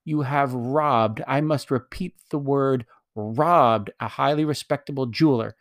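A man voicing a fussy, pompous old gentleman who complains in aggrieved, formal speech. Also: unhurried, dry recording, clean studio sound, close to an everyday voice. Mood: indignant. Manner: pompous, aggrieved, raised pitch.

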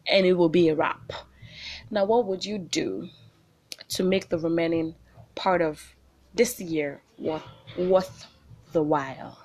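A woman's voice: medium pitch, slow, a little mellow. A woman with a Nigerian English accent hosting a solo podcast from her small home. She talks into a phone in a bubbly, chatty way and slips into pidgin. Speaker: podcast host. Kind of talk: solo motivational podcast chat.

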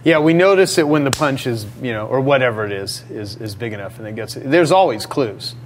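A man's voice: medium pitch, animated, brisk, slight background noise. A male podcast host asking questions and agreeing briefly. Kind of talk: interview.

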